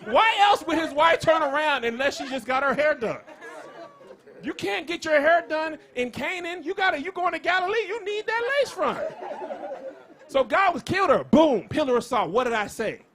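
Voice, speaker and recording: Male stand-up comic, very high voice, bright and forceful, shouting punchlines, audience laughing. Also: normal speed. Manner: loud animated delivery, shouting punchlines. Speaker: stand-up comedian. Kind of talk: stand-up comedy set. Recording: live venue with crowd.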